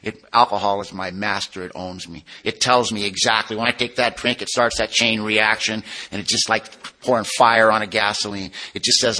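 A man's voice: on the low side, pushed and bright. A man telling his recovery story to a meeting, plainspoken and emotional. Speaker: recovery speaker. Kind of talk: personal testimony at a recovery meeting.

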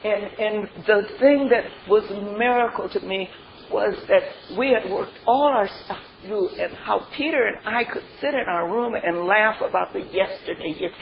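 An older woman with a creaky, medium-pitched voice gives a heartfelt recovery testimony at a moderate pace. She laughs through her stories and keeps saying "you know." The recording is dull and lo-fi, with faint noise.

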